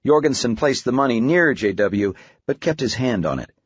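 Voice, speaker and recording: A man narrating an audiobook in a steady, even storytelling manner. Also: mid-range voice, normal speed, breathy edge, no room sound. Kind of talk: scripted narration. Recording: dry, slightly dull studio audio.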